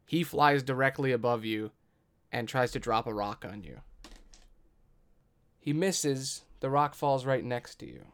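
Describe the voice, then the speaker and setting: A man running a tabletop game as game master, describing the scene in a relaxed way. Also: mid-range voice, measured pace, long pauses.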